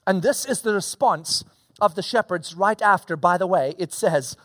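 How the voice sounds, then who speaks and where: A man preaching a casual expository sermon, animated and conversational with slangy asides. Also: high voice, normal speed, no room sound.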